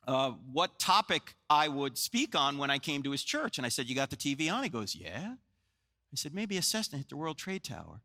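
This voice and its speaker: A man's voice: a little high, sharp tone. A man in his sixties from New Jersey, giving a joking, storytelling apologetics talk to a live audience and putting questions to them. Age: 60s. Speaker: Christian apologetics speaker.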